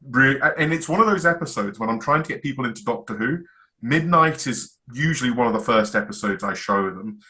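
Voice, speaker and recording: A man's voice: medium pitch, expressive, brisk, bright, forceful tone. A man co-hosting a casual chat, enthusiastically retelling scenes and acting out the lines. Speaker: podcast co-host.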